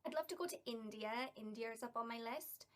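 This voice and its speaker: A woman's voice: fairly high pitch, fast talker. A young woman from South Wales with a Welsh accent, chatting and rambling casually in a vlog tag video. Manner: chatty and rambling, with bright bursts of emphasis. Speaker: vlogger.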